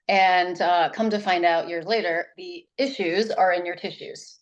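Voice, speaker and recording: A woman from New Hampshire, a parenting coach, talking in an interview in an animated, rambling way with many restarts. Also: fairly low pitch, unhurried, dull audio. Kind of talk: casual interview talk.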